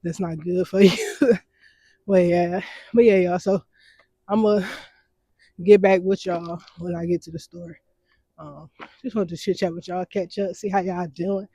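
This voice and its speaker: A woman's voice: fairly low pitch, steady tone, measured pace, long pauses, warm tone, no echo. A young woman vlogging while she walks, chatting easygoing with her viewers, laughing often and calling them y'all. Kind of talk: casual vlog chat to viewers. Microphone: wearing mics while walking.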